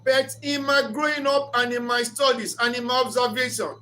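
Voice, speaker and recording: A man's voice: very high voice, fairly even intonation, normal speed, bright, forceful tone. A man giving an earnest, preacher-like reflective talk on marriage, mixing in story retellings. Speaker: speaker of a reflection channel.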